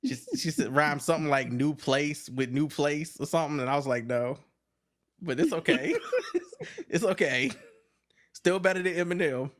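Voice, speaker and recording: A man co-hosting a podcast in casual chat, animated and joking. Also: a little high. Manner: animated, joking, quick to laugh. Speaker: podcast co-host.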